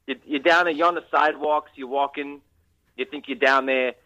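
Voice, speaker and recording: A man plays a brash man phoning in, loud and sharp-toned with a slightly higher pitch. He stammers and jabs insults in blunt bursts. The line is dull and lo-fi, like a call-in. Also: steady tone, a little fast, dry recording. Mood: taunting. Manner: blunt, taunting, stammering restarts. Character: brash Boston man calling his mom.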